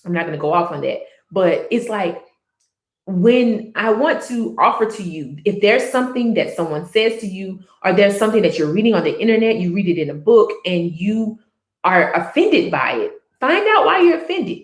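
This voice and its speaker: A woman's voice: mid-range voice, very animated, moderate pace, roomy sound. A woman vlogging in a casual, earnest way about her personal life, rambling with restarts and fillers. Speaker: book chat vlogger.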